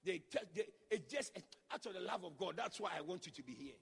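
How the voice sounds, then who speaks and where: Man, pastor, sermon, very high voice, husky, animated, shouts for emphasis, long reverb. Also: fast. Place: church.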